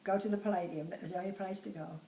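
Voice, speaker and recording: A woman's voice: lowish voice, fairly even intonation, very fast, gravelly, dark tone, far from the mic. An elderly woman around eighty with a Cockney accent, chatting and reminiscing in a casual interview, laughing easily. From Bermondsey, London. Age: about 80. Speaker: interviewee, host's mother. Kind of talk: casual chat. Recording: roomy, off-mic with faint ambience.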